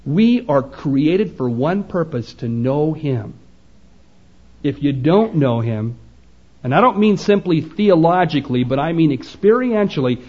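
A man preaching a sermon, telling a story in quoted dialogue and pressing his points with emphasis. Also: fairly high pitch. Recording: dull lo-fi recording.

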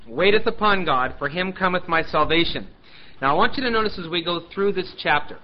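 A man preaching a sermon and reading scripture aloud, emphatic, swinging between loud declaiming and hushed asides, fighting a sore throat. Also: a little high, dull audio. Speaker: pastor.

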